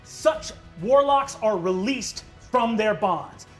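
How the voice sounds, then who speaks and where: A man's voice: high-pitched, lively intonation, takes it slowly, faint music behind. A man doing a pompous female devil official. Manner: pompous legal decrees.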